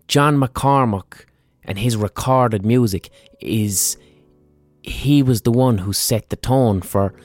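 A man's voice: medium pitch, darkish tone, no echo. A man hosting a history podcast, telling it in a chatty, digressive way with plenty of swearing. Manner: chatty, profane, digressive storytelling. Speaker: podcast host. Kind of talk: casual history podcast monologue.

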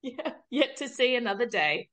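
A woman's voice: on the high side, expressive, moderate pace, a bit bright. An Australian woman guesting on a podcast, talking in a dry, laid-back way. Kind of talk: casual chat.

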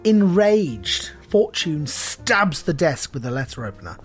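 Slow, lively, wry script-reading man. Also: a little high, faint music behind. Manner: wry, laughing, theatrical. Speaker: podcast co-host reading a script.

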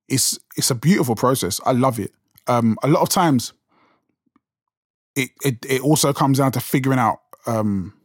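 A man's voice: mid-range voice, no room sound, studio quality. A young man with a London accent, talking casually as a podcast host, rambling with restarts and fillers. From England. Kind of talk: casual solo talk.

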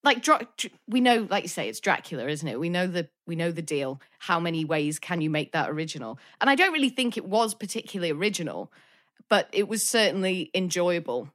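A woman's voice: fairly low pitch, big pitch swings, brisk, a bit bright. A British woman co-hosting a podcast, chatting about films with lots of fillers and acted-out quotes. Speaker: podcast co-host. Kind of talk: casual film discussion.

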